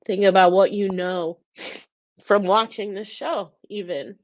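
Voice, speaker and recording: A woman's voice: mid-range voice, steady tone, measured pace, dry recording. A woman hosting a live-stream talk, speaking earnestly and emotionally, rambling with frequent restarts. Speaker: host. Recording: dull, dry lo-fi sound.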